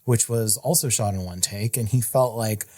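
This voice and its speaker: A man's voice: on the low side, moderate pace, mellow. A man co-hosting a horror film podcast. He reads background facts, then riffs casually with lots of filler words. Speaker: podcast co-host. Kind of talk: casual chat.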